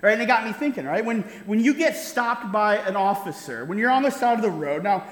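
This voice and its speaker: This pastor's voice sits high and sounds animated as he moves fairly quickly through a sermon story. Frequent chuckles and "right?" asides punctuate it, echoing in a roomy hall.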